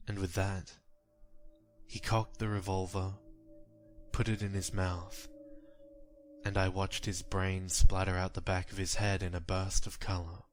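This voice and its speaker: A man reading a horror story aloud in a measured, grim storytelling manner. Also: deep voice, flat delivery. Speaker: narrator. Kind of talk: scripted horror story narration. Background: faint music.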